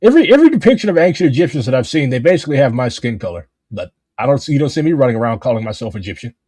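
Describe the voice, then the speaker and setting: A man in loose live-stream chat, rambling from one topic to the next with plenty of swearing. His pitch swings widely as he talks, and the sound is dry and close to the mic. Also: very animated, very fast, dark tone, husky, dry recording. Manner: rambling, profane, jumps between topics.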